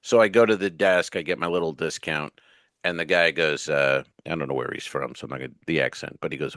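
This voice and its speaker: A man's voice: rumbling low, a little fast, fairly bright tone, no echo, clean studio sound. A male comedian co-hosting a podcast, telling rambling stories in casual chat and swearing freely.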